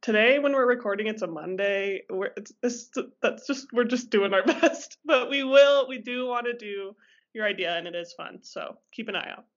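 A woman's voice: medium pitch, normal speed. A young woman co-hosting a podcast, bubbly and giggly in casual chat. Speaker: podcast co-host. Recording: dull lo-fi podcast mic.

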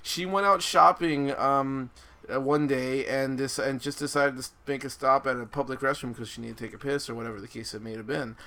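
A man with a gravelly, creaky voice in a loose chat among friends. He reads a news story aloud at an easy pace, peppering it with "um" and "like" and the odd curse. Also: medium pitch, steady tone, fairly quick, pushed and bright. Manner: laid-back, swears, many fillers. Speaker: podcast co-host reading a news story. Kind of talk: casual chat.

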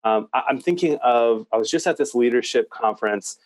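A young man co-hosting a podcast, telling stories about ministry in casual, animated chat. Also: mid-range voice, brisk. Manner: storytelling, animated. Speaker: podcast co-host, youth minister.

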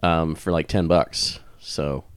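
Man, deep resonant voice, dry close recording, rambling podcast chat. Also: steady tone, slow pace, smooth, dry recording. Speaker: podcast co-host.

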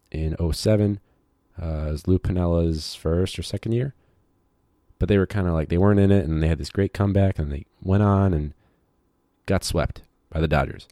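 A man who teaches high school, talking in a rambling, casual podcast monologue full of fillers and digressions. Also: warm tone, no room sound, studio quality.

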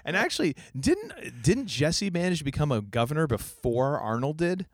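A man's voice: fairly high pitch, sing-song, normal speed, no room sound, clean studio sound. Rambling, enthusiastic male podcast host. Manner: rambling, enthusiastic, many restarts. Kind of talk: casual chat.

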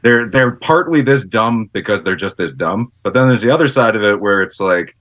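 Rambling, profane male panel guest, fairly low voice, muffled video-call audio. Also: moderate pace. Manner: rambling, profane, loose and animated. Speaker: podcast guest. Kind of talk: casual panel chat. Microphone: computer mic on a video call. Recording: dull lo-fi computer mic.

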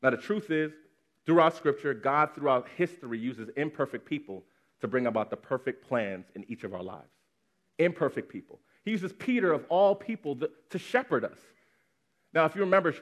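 A man's voice: a little high, lively intonation, brisk. A man preaching a sermon to his congregation in a conversational way, repeating words for emphasis. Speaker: pastor. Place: church congregation.

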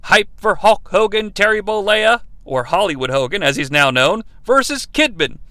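A man's voice: sits high, animated, moderate pace, pushed and bright, dry recording. A man hosting a podcast, giving a sarcastic, irreverent comedic recap with some swearing. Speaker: podcast host.

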